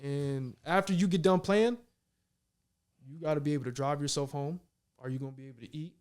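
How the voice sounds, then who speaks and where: A fairly high-pitched man in his thirties, a pro basketball player from Minnesota, chats as a guest on a casual talk show. He tells animated stories in loose slang and keeps checking in with "you know what I mean.". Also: a little fast, clear, resonant tone. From Minnesota, United States. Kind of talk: casual conversation.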